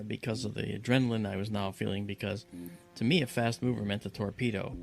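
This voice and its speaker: A man tells a personal story with a gravelly edge in his voice. He slows down and restarts often, and his pitch jumps up whenever he acts out someone's lines. The telling is dramatic and personal. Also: a little hiss or hum. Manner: acts out voices in quotes, halting with fillers.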